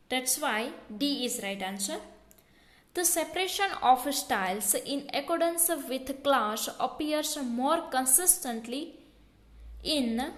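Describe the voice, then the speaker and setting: A woman teaching, working through exam questions one by one and repeating the key points as she explains. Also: high voice. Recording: echoey room.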